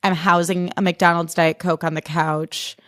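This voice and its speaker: A woman's voice: fairly low pitch, flat delivery, unhurried, dry recording. Chatty sarcastic woman comedian, dry mic. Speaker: podcast host and stand-up comedian. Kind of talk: casual comic monologue.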